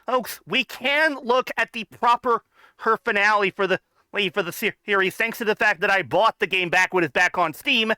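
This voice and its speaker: A co-host riffing a film in casual commentary, excitable, repeating words and talking back at the screen. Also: mid-range voice, moderate pace, clear, resonant tone, no room sound, clean studio sound.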